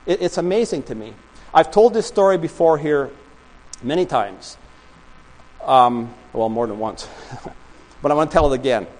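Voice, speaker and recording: Pausing often, a pastor with a slightly high, darkish voice preaches animatedly at a moderate pace in a small church. He rambles through stories with many restarts, and the recording is rough.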